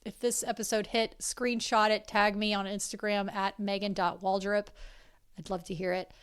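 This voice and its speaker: A woman's voice: mid-range voice, flat delivery, normal speed, fairly bright tone, clean tone. A woman hosting a podcast, talking in a casual, heartfelt and emotional way, with the odd curse word. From South Carolina. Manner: earnest and emotional, swears casually. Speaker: podcast host.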